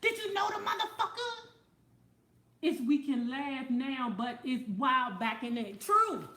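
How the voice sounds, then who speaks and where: High-voiced woman host in an echoey room. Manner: animated, profane, storytelling, quick to laugh. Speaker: show host reading viewer comments. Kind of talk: casual talk show monologue.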